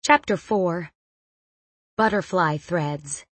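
A woman's voice: lowish voice, slow, no echo. A woman narrating a first-person audiobook with tense, dramatic storytelling.

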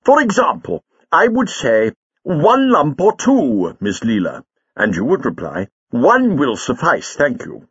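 A man voicing an excitable, fussy elderly male professor who splutters when flustered, on a dull lo-fi recording. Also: mid-range voice, measured pace, husky, no echo, pitched above the performer's own voice, exaggerated voice.

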